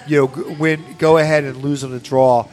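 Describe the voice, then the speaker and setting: A man's voice: mid-range voice, flat delivery, fairly quick, a little mellow, faint music behind. A man co-hosting a casual soccer talk show, chatty and argumentative, with lots of "you know.". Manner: chatty, fills with "you know" and restarts, argues points. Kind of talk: casual sports chat.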